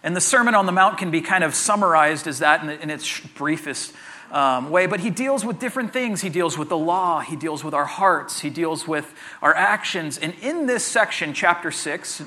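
A man's voice: fairly high pitch, pushed and bright. A man preaching a conversational sermon as pastor, chatty, often repeating words and adding jokey asides.

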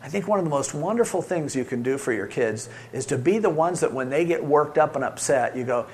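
A middle-aged man preaching a sermon, swinging between loud emphasis and soft, soothing asides. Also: a little high, lively intonation, brisk. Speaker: pastor.

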